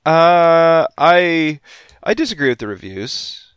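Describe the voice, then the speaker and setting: A young man co-hosting a podcast in casual chat, animated, swearing and acting out quotes. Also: a little high, slow pace, smooth, no room sound. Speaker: podcast co-host.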